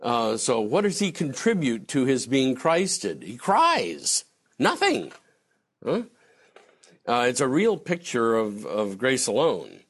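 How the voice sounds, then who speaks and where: Male theology lecturer, lively up-and-down pitch, chatty and digressive, slips into acted quotes. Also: unhurried, slightly rough. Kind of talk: conversational lecture answering a question.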